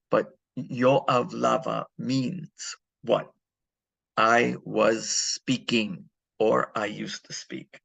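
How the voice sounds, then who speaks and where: A man's voice: mid-range voice, vocal fry, a bit bright, dry recording. A man teaching a recorded grammar lesson, explaining step by step and answering his own questions. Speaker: Spanish teacher.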